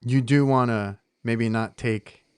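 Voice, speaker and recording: An American man who works as an HVAC technician co-hosts a casual podcast, chatting in a loose, rambling way with frequent restarts. His medium-pitched voice is fairly even in intonation, slow and smooth, on a dry recording.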